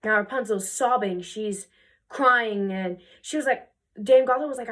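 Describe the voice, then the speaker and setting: A young woman casually retelling a fairy tale for her video, chatty and full of fillers, jumping into quick voices for the characters. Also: on the high side, fairly bright tone. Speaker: video creator.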